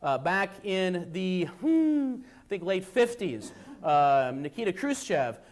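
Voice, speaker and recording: A man giving an economics lecture, talking in an animated way and checking in with his listeners through rhetorical tag questions. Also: sits high, takes it slowly. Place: lecture at a seminar event.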